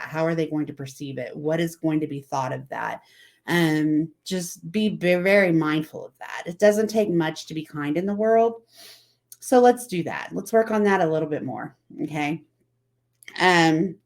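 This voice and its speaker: A woman hosts a casual motivational chat, speaking in a slightly low voice. She talks in a loose, repetitive way and often quotes others as she makes her point. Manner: conversational, repeats herself, quotes people in acted voices. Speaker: vlog host. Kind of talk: casual motivational talk to camera.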